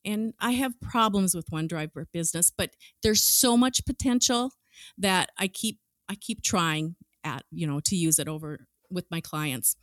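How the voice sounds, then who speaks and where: A woman's voice: on the low side, normal speed, a bit bright, no echo. A woman co-hosting a podcast, talking in an enthusiastic, conversational way. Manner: enthusiastic, laughs easily, conversational. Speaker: podcast co-host. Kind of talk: casual podcast chat.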